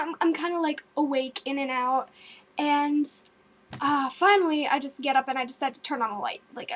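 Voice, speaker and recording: Give me a high-voiced young woman telling a story to her webcam. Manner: animated, jumpy storytelling with sudden gasps and loud outbursts; filler-heavy, with many likes and ums. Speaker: vlogger. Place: her bedroom at home.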